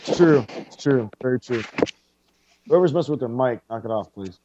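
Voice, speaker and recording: A man excitedly calling a wrestling match move by move as he watches it with friends, swearing freely and reacting loudly to each big moment. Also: mid-range voice, moderate pace, dull audio, slight background noise. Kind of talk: casual live watch-along commentary.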